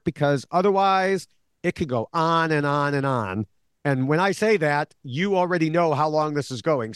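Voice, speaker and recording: Man, podcast co-host, lively higher voice, lots of ums and restarts, dry close sound. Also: clean tone, no room sound. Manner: animated, many fillers and restarts. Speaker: podcast co-host, longtime show analyst. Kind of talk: casual podcast recap chat.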